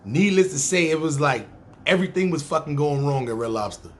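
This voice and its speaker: A man's voice: on the high side, animated, fairly quick, a little hiss or hum. New york guy spinning a street story, cussing, doing everybody's voices. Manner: profane, streetwise, acts out other people's voices. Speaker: storyteller, podcast host. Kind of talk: casual storytelling monologue.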